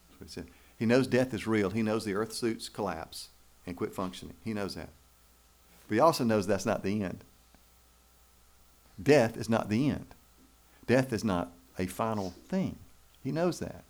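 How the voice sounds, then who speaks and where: A man's voice: on the low side, expressive, moderate pace, pauses often, a little mellow. A man preaching a sermon in church, folksy and emphatic, with rhetorical questions to the congregation. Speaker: pastor.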